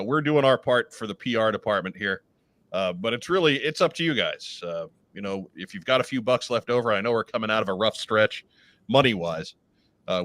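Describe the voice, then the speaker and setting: A man's voice: on the low side, a bit bright, no room sound. A man hosting a podcast, joking around and then making earnest appeals to listeners. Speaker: podcast host. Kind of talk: casual podcast chat.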